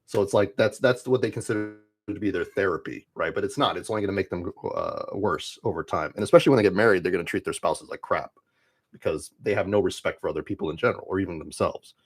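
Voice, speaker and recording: A young man rants casually to his live-stream chat, rambling and dismissive and saying "like" constantly. He talks fast in a low, slightly rough voice.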